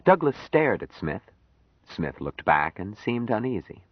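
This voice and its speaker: A man reading a novel aloud as an audiobook narrator, steady and measured. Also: fairly low pitch, no room sound, lo-fi sound.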